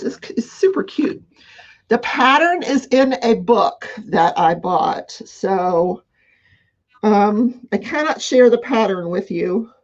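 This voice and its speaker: A woman hosting a casual live morning crafting show, chatting excitedly and greeting her viewers by name. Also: medium pitch, highs cut off. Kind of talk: casual live-stream chat.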